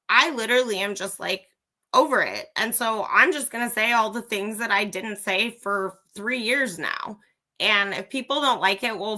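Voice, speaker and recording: Woman, livestream host, blunt ranting commentary, swears freely, talks to chat, slow pace, bright forceful voice. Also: on the high side. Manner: blunt and profane, talking straight to viewers.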